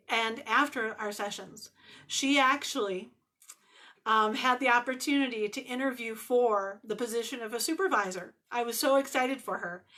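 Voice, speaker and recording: Bright-voiced, earnest woman life coach. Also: fairly high pitch. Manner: earnest, emphatic, repeats phrases for emphasis. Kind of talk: direct-to-camera vlog talk.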